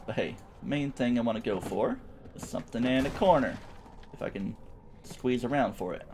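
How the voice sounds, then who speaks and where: A man's voice: medium pitch, moderate pace, background noise. A young man streaming a game, giving playful, chatty commentary with silly sound words. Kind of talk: gameplay commentary.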